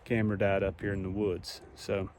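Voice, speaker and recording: This young man's voice sits low and a little mellow, completely flat in delivery at a normal pace. Filming a farm vlog outdoors with a nearby propped-up phone, he chats plainly to camera about his fencing, thinking aloud as he goes, amid slight background noise.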